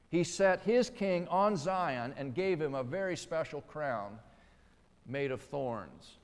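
A man preaching a sermon, stressing key words and putting rhetorical questions to his listeners. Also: a little high. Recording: long hall reverb.

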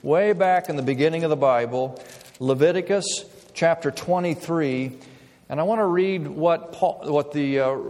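A male pastor preaching a sermon in measured, emphatic phrases with deliberate pauses, speaking to a congregation in a church sanctuary through a pulpit mic. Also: on the high side, darkish tone. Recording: long hall reverb.

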